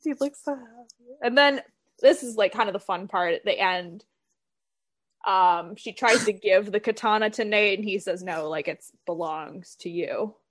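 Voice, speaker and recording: A woman co-hosting a podcast, dropping quick fan asides as she chats casually about a TV episode. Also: medium pitch, a bit bright. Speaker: podcast co-host. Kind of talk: casual chat recapping a TV episode.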